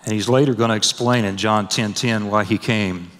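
A man preaching a sermon, swelling loud and high on scripture and dropping soft and low for personal stories. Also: steady tone, moderate pace. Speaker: pastor. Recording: long hall reverb.

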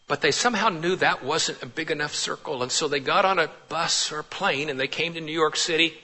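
A male preacher delivering a sermon in a high, very bright voice. He preaches with passion, building to urgent pleading and then dropping to hushed, near-whispered lines. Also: fairly quick.

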